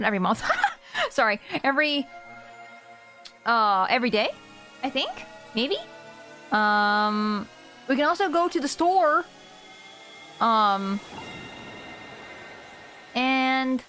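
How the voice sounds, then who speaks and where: A young adult woman streaming a game, chatting casually and excitably while she plays. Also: on the high side, slow, pauses often. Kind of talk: casual gameplay commentary. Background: game music.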